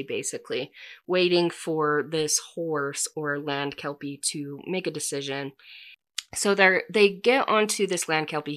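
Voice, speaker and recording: Woman, lowish voice, casual story recap, filler-heavy delivery. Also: a bit bright.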